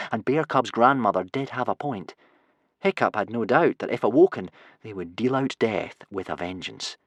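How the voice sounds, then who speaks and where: A man reading a children's adventure audiobook with expressive storytelling. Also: fairly low pitch, dry recording. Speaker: audiobook narrator. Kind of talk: scripted narration.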